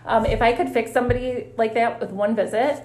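A woman physical therapist telling stories in a casual interview, animated and quick to laugh. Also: a little high. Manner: animated, laughs often, acts out her own reactions. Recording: roomy echo.

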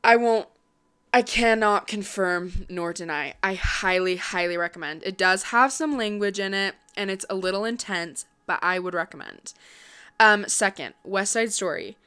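A young woman talks straight to her viewers in a breezy, upbeat run of casual chat, scattering fillers as she goes. Her voice is smooth and clean, sitting at an ordinary middle pitch. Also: animated, bright, forceful tone. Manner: chatty, quick and upbeat, lots of "like" and "um". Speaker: vlogger.

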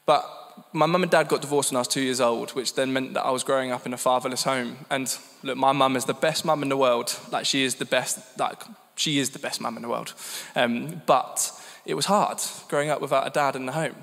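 A man's voice: mid-range voice, fairly even intonation, brisk, gravelly, fairly bright tone. A man in his thirties from England giving a candid, self-deprecating personal testimony at a church gathering. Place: church hall. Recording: long reverb in a church hall.

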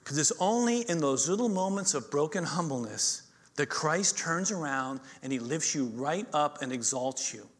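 A middle-aged male pastor preaching a sermon, telling stories with swings between loud emphasis and quiet intensity. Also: on the high side, lively intonation, normal speed.

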